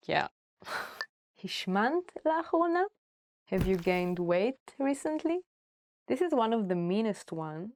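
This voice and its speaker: Playful woman host for a casual lesson, jokey and animated, recorded dry and close. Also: mid-range voice, a little slow, vocal fry, no echo. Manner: playful, joking, laughing, animated. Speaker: language teacher.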